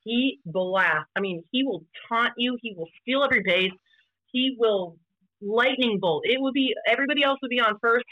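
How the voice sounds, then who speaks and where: A woman guest on a podcast, telling stories about playing vintage baseball in an animated, casual way. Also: no room sound, dull audio. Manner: animated, voice jumps high when quoting others. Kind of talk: casual storytelling chat.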